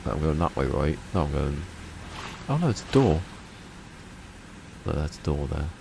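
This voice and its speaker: Brief: a streamer, low voice that swings up and down, chatty and self-muttering. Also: male voice, very animated, moderate pace, vocal fry. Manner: chatty, muttering to himself, laughs often. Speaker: gameplay streamer. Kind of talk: casual live gameplay commentary. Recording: loud game noise behind.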